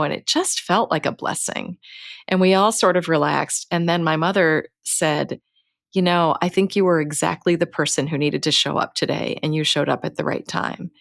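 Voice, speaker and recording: A middle-aged woman, a guest author, telling personal stories in an earnest, unhurried way. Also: on the low side, vocal fry, no echo, clean studio sound. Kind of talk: reflective personal storytelling.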